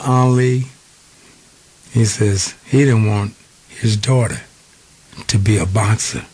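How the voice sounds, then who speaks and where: A man's voice: lowish voice, a little mellow, husky. An older man, a singer giving a radio interview, telling long stories and acting out the voices of the people he quotes. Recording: faint hiss.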